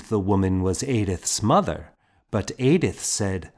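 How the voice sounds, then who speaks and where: A man narrating a story in a measured storytelling manner. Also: deep voice, animated, darkish tone. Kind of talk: scripted narration.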